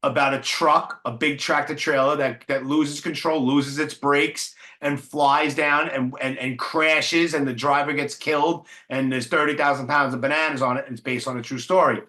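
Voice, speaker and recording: A man's voice: a little high, steady tone, normal speed, hardly any pauses, sharp tone. A man hosting a podcast in casual conversation, laid-back and jokey, laughing easily. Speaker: podcast host.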